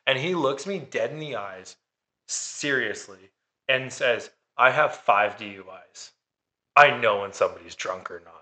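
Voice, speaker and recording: Man, bright and forward tone, sarcastic and profane, casual storyteller. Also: medium pitch, expressive, a little slow. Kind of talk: casual chat, telling a dating story.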